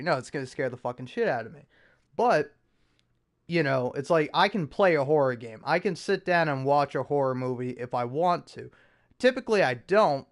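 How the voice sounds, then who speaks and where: A young man talks casually on his podcast, rambling through a story full of swearing, restarts and self-mocking asides. His voice sits a little high and sounds smooth and clear. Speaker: podcast host. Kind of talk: casual chat.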